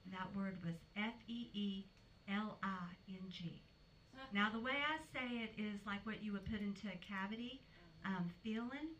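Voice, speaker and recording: A woman's voice: mid-range voice, moderate pace, fairly bright tone, distant mic, muffled recording, slight background noise. A woman comedian doing a brash, frank stand-up set and laughing at her own jokes. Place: live comedy venue.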